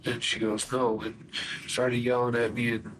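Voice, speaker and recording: A man confessing in a police interview, talking in a halting, rambling way full of fillers. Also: medium pitch, completely flat delivery, background noise. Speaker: suspect confessing.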